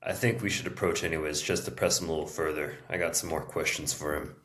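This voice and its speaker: A man's voice: a bass voice, steady tone, quick pace, fairly bright tone. A man playing a tabletop game, hesitant and earnest as an undercover cop. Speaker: player. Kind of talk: tabletop role-play.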